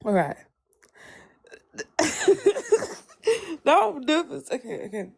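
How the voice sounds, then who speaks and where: A woman from Australia chatting casually on a live stream panel. She is giggly and self-conscious, and her voice sits a little high. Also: wildly swooping pitch, slow, vocal fry, husky.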